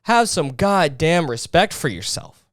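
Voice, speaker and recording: A man's voice: a little high, sing-song, measured pace, no room sound, studio quality. A young man hosting a solo podcast, ranting in an exasperated, profane way about other people's habits. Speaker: podcast host.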